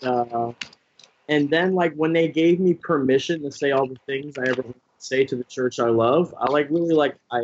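A young man speaks as an interview guest, with a slightly husky tone. He tells his story in a loose, animated way, full of "like" and "you know", and he mimics other people's voices. The recording sounds dull and lo-fi. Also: mid-range voice, normal speed. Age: young adult. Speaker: pastor and author, interview guest. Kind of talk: casual interview talk.

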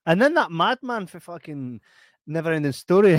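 A Scottish man co-hosting a casual podcast, retelling a film in an animated, sweary way. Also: on the high side, normal speed, dry recording, studio quality. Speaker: podcast co-host. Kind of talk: casual late-night chat.

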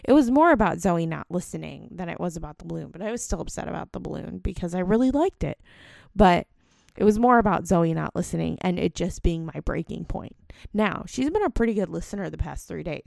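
A young woman with a gravelly, creaky voice, recorded close and dry with no room sound. She tells a personal story in a loose, rambling way. She is candid and laughs at her own faults as a mom. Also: lowish voice, darkish tone, dry recording. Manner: rambling, candid, self-deprecating. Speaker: mom vlogger.

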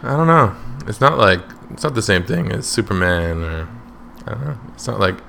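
A man's voice: lowish voice, very animated, moderate pace, vocal fry, bright, forceful tone, slight background noise. A man co-hosting a casual podcast chat, mostly giving short agreeing replies. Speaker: podcast co-host.

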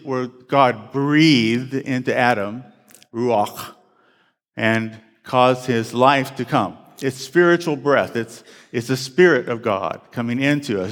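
A man preaching a sermon to his congregation in a conversational, animated way, often restarting phrases and putting questions to the room. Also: medium pitch. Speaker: pastor. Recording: long hall reverb.

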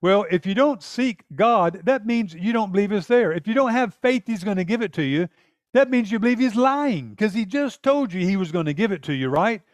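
A man's voice: sits high, animated, moderate pace, no room sound, studio quality. A man preaching a sermon in an earnest, emphatic way, often acting out prayers.

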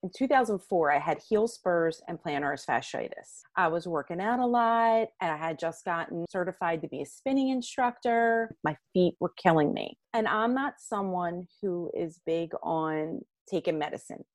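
Guest, woman, 50s, lively storyteller, low voice, dry close recording. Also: moderate pace, hardly any pauses, no echo. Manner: animated, acts out quoted lines. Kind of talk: personal storytelling.

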